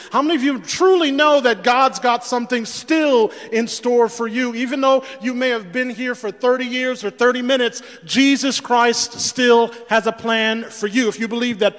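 A man's voice: very high voice, moderate pace, hardly any pauses, a bit bright. A male pastor preaching a sermon, stumbling over repeated words and acting out the voices of the scripture. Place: church sanctuary. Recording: long reverb in a church hall.

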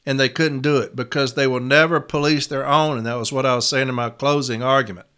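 A man's voice: mid-range voice, fairly even intonation, a little fast, hardly any pauses, pushed and bright, smooth. A man giving an instructional talk as a union advocate, stressing single words and repeating them.

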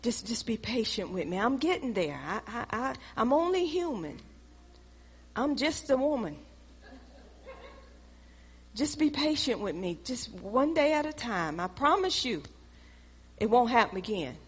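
A woman doing a soft, pleading penitent. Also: mid-range voice, fairly even intonation, fast, hardly any pauses, long reverb tail, voice pushed down, close to an everyday voice. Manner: soft, breathy, pleading, near whisper. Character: contrite churchgoer, apologetic and pleading.

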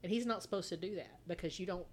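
Animated laughing woman podcaster. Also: on the low side, quick pace, slight background noise. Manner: animated, laughs often, swears freely. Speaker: podcast co-host. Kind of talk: casual chat.

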